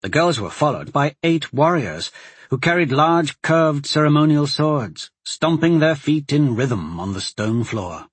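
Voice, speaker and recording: A man narrating a fantasy story in a steady, even storytelling manner. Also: on the high side, a little slow, no room sound.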